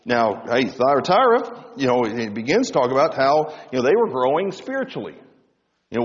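A male pastor preaching a sermon, swinging between loud emphasis and hushed low tones. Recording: dull sound with long reverb in a hall.

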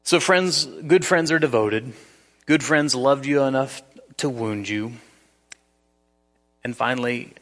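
A man's voice: medium pitch, a bit bright, big-room sound. A man preaching a sermon as pastor, earnest and emphatic, telling the story with frequent repeats.

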